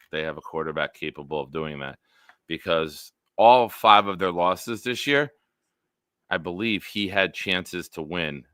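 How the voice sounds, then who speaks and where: A man's voice: low-pitched, sharp tone, clean tone, no room sound, clean studio sound. A man hosting a casual football live stream, blunt and opinionated, with some profanity. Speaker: host.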